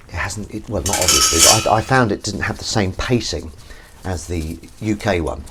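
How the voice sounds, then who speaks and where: A man hosting a live stream, chatting casually and rambling to viewers while washing up in his kitchen. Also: lowish voice. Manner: rambling, self-correcting, chatty asides to viewers. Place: home kitchen. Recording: loud sink and kitchen noise.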